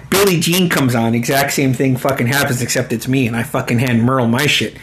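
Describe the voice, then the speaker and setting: A man's voice: mid-range voice, quick pace, few pauses, fairly bright tone, slight background noise. A man in his forties telling a casual story, rambling and swearing often, breaking into laughter. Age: 40s.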